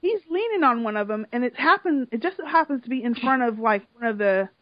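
Animated high-voiced woman retelling a story. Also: a little fast, no room sound. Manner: animated, emotional storytelling with swearing. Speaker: podcast co-host recapping a reality show. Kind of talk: casual chat. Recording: dull lo-fi sound.

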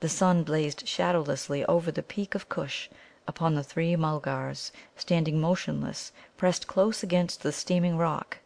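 A woman narrating a children's adventure novel in a measured way. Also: sits low, fairly even intonation, creaky, a little mellow. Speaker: audiobook reader. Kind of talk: storybook narration.

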